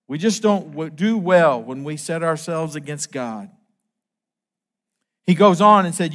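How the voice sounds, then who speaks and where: A middle-aged man preaching a sermon, emphatic and slowing down on key phrases. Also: on the high side, lively intonation, a bit bright.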